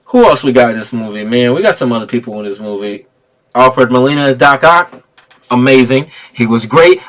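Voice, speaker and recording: A man giving a casual spoiler review of a movie. He is excitable and slangy, laughs often, and rambles with many restarts. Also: medium pitch, a little fast.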